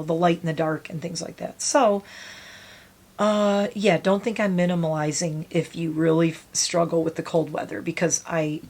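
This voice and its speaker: A woman's voice: lowish voice, a little mellow. A woman in her forties chatting casually as she does her makeup, rambling and self-deprecating. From United States. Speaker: beauty vlogger. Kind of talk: casual get-ready-with-me chat.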